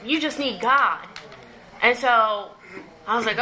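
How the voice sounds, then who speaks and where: A woman's voice: fairly high pitch, takes it slowly, long pauses, bright, forceful tone, a little hiss or hum, poor audio. A young woman sharing her recovery story at a meeting, candid and conversational, often laughing as she talks. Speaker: recovery speaker. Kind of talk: personal testimony at a recovery meeting. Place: meeting room.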